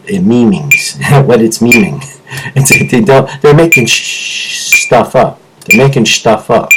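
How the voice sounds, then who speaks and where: Animated middle-aged man ranting to camera. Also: lowish voice, very noisy. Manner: impassioned, rambling, jumps between topics. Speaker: self-improvement video host. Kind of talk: animated solo monologue to camera.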